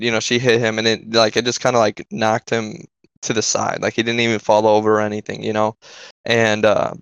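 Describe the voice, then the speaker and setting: A man's voice: on the low side, a bit bright, smooth, no room sound. A man co-hosting a podcast, telling a story in a casual, profane way, full of fillers and "right?". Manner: profane, filler-heavy, keeps asking "right?". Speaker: podcast co-host. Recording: dull lo-fi dry recording.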